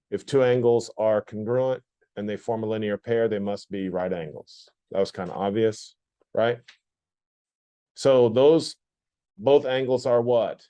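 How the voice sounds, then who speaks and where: A man's voice: on the low side, darkish tone. Guy teaching geometry in a classroom, plainspoken, keeps asking the class questions. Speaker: math teacher. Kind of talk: classroom lecture.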